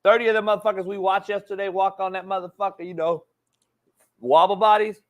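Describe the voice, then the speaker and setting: A man's voice: high voice, fairly even intonation, a little fast. A man hosting a casual sports talk show, a football coach who talks bluntly and swears a lot. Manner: blunt, profane, emphatic.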